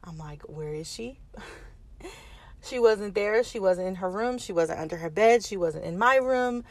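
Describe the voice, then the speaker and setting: A woman's voice: mid-range voice, moderate pace, no room sound. A woman in her thirties from the United States, telling a personal story in a chatty vlog style with lots of fillers and restarts. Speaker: vlogger.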